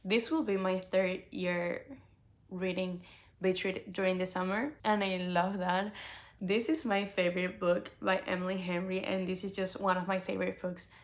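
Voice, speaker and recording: A young woman vlogger chatting casually about books she loves, gushing and animated, full of "like" fillers. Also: on the low side, moderate pace. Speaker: book vlogger. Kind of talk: casual book tag chat.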